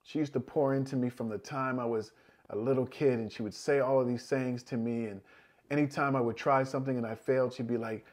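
Man, life coach, earnest motivational talk, encouraging, repeats his points, mid-pitched voice. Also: steady tone, brisk, darkish tone. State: emotional at times.

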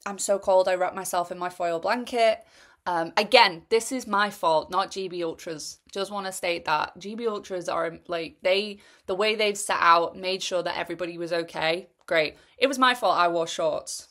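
A woman's voice: lowish voice, moderate pace, a bit bright. A young woman telling a rambling, chatty story about running an ultra race. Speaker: runner reviewing a race. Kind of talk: casual spoken race recap.

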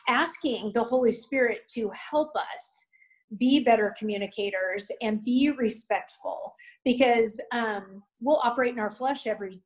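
Middle-aged woman, mom on a faith panel, earnest and encouraging, slightly higher voice. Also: rough recording. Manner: earnest, encouraging, quick with asides. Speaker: youth ministry guest mom. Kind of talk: faith-based panel talk.

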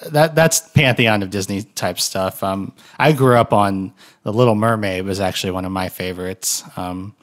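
A man's voice: fairly low pitch, normal speed. Chatty, rambling male podcast host. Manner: rambling, self-correcting and jokey. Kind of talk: casual podcast chat. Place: room shared with guests.

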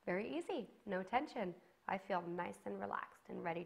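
A woman's voice: medium pitch, expressive, moderate pace, vocal fry. A woman teaching a singing lesson to camera, giving encouraging instructions and demonstrating sung vowels between them.

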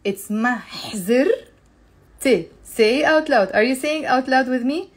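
A woman with a Lebanese Arabic accent gives a playful, chatty language lesson live, her voice sitting a little high. She keeps repeating phrases slowly for her viewers and talks into a phone or webcam. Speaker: Arabic teacher.

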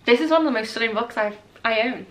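A young woman casually vlogging a book unboxing, excitable and gushing, emotional and close to tears. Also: on the high side, fast, over music.

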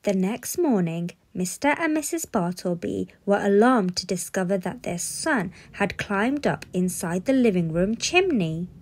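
A woman reading a children's storybook aloud in an expressive, playful way. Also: mid-range voice, unhurried, few pauses.

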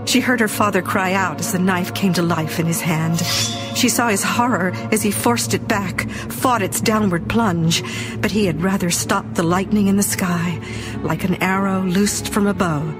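A woman narrating an audiobook in a measured, dramatic reading style. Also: medium pitch, music in the background.

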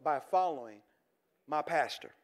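A pastor preaching a sermon in a conversational way, with stammered restarts and quick chuckles. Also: male voice, on the high side, animated.

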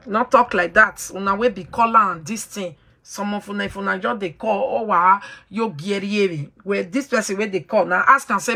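A woman's voice: mid-range voice, normal speed, hardly any pauses, pushed and bright, husky. A woman hosting a talk show, lecturing her listeners in an emphatic, preachy way and slipping into pidgin. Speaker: host.

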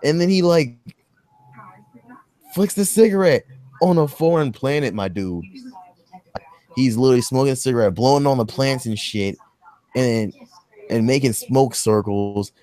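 Male podcast host, casual profane storyteller, mid pitch. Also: unhurried, long pauses, dark tone. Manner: profane, rambling storyteller who acts out quotes in a high voice. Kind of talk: casual chat, movie recap.

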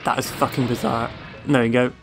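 A man's voice: medium pitch, flat delivery, a little fast, music in the background. A man giving casual gameplay commentary, sarcastic, swearing freely and talking back to the game. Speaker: let's play gamer.

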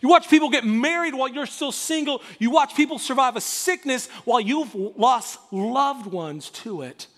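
Animated high-voiced male pastor preaching. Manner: animated, emphatic, preaching with dramatic pauses. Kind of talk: sermon. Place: church sanctuary. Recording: reverberant church hall.

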